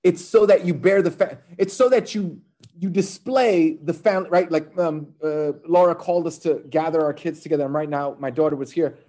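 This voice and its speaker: Male pastor, fairly high voice, chatty sermon with jokes and stumbles. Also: steady tone, normal speed, mellow. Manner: conversational, joking, many fillers and restarts.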